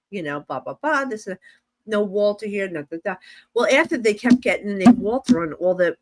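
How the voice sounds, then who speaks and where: A woman with a New Jersey accent, a guest psychic medium telling stories in a lively conversational way with many fillers. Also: mid-range voice, fairly quick. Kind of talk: animated storytelling in conversation.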